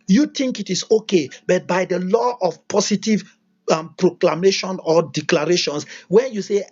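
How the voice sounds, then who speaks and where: Husky high-voiced man teaching. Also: fairly quick, darkish tone. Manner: emphatic, repetitive, full of rhetorical questions. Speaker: motivational teacher. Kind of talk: livestreamed motivational talk. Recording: dull lo-fi recording.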